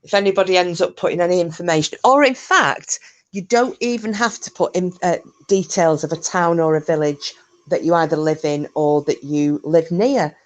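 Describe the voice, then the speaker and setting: A woman's voice: lowish voice, moderate pace, lo-fi sound. Woman, live-stream host, casual chat, rambling, jokey, restarts her sentences. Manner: rambling, self-interrupting, jokey. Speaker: livestream host.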